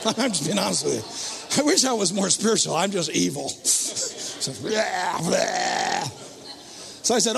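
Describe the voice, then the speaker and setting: Animated, high-voiced male preacher. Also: unhurried, vocal fry, long pauses, long reverb tail. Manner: animated, self-mocking, acts out his own thoughts in loud voices. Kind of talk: storytelling sermon.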